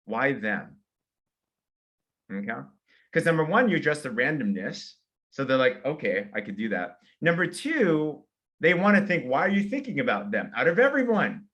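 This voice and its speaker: Energetic man giving a sales training talk. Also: mid-range voice, dull audio. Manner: energetic, fast, acts out example invitations.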